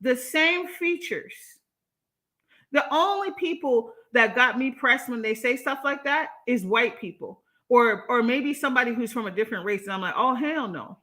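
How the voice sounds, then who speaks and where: A young woman livestreaming, reading chat and ranting in a sassy, animated way, laughing between her points. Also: fairly high pitch, normal speed. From Jamaica. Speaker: YouTuber reading live chat. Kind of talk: live-stream commentary.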